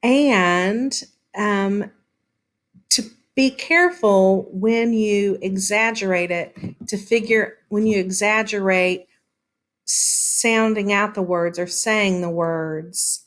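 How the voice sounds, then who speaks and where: A woman teaching a reading lesson at an unhurried pace. Her voice sits in an ordinary middle pitch, and she demonstrates words slowly and repeats her points. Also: fairly bright tone.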